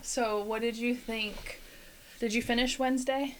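A woman's voice: on the high side, steady tone, measured pace, a little hiss or hum. A middle-aged woman hosting a casual podcast chat, asking questions and steering the talk. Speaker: podcast host.

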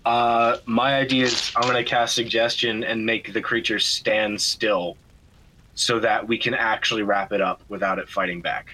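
A man's voice: on the low side, flat delivery, moderate pace, pushed and bright, a little hiss or hum, low-quality recording. A man playing a tabletop game, hesitant and full of fillers as he explains his spell ideas. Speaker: player. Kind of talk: casual tabletop game talk.

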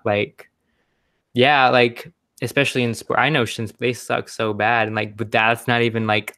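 A man's voice: on the low side, fairly bright tone, no echo. A young man hosting a podcast, chatting casually and rambling with lots of "like". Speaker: podcast host. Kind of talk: casual chat.

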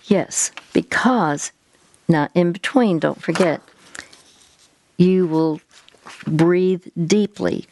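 A woman's voice: on the low side, extremely slow, pauses often, a little mellow, slight background noise. A woman hosting an advice talk, patiently guiding a caller step by step. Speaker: host giving faith-based advice.

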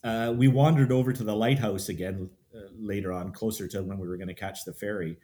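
A man's voice: on the low side, fairly even intonation, a little fast, warm tone. Chatty man telling trail stories. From Canada. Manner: chatty, quotes people in stories. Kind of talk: casual storytelling.

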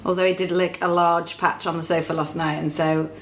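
A woman's voice: fairly low pitch, flat delivery, fairly quick, echoey room. A woman chatting casually about her dog, teasing her partner, laughing a lot and ending remarks with tag questions. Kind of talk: casual chat.

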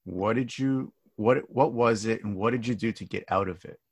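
A man interviewing a guest, asking halting questions and restarting them. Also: on the low side, dry recording, clean studio sound.

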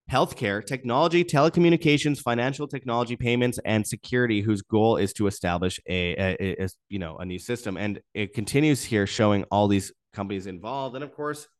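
A man's voice: medium pitch, no room sound, studio quality. A young man hosting an independent news commentary show, reading articles aloud and adding indignant, sarcastic asides.

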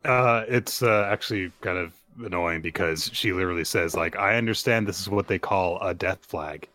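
A man with a very deep voice that still has a bright edge to it, heard close and dry. He co-hosts a casual podcast chat and drops in wry asides. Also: normal speed, no echo. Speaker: podcast co-host.

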